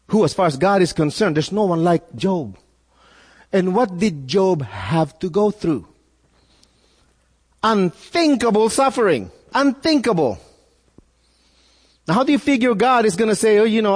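Animated man preaching in a hall. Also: high-pitched, husky. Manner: animated preaching with repetitions and rhetorical questions. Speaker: pastor. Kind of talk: sermon.

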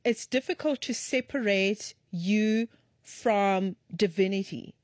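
A woman's voice: medium pitch, takes it slowly, a little mellow, no room sound, studio quality. A woman interview host, effusive and affectionate, gushing praise for her guest. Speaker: radio host. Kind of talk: warm interview chat.

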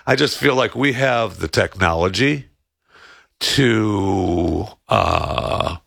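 A man talks in a loose, rambling way and drifts off in the middle of his thoughts. His voice is heavily gravelly, with a bright, forceful edge. The sound is dry and close, as he tosses out sarcastic remarks in relaxed conversation. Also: fairly low pitch, takes it slowly, dry recording. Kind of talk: casual political chat.

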